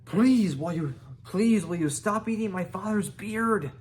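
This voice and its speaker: A man's voice: moderate pace, slight background noise. A man voicing a flustered young Viking boy in a raised, strained voice. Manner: high, strained and pleading.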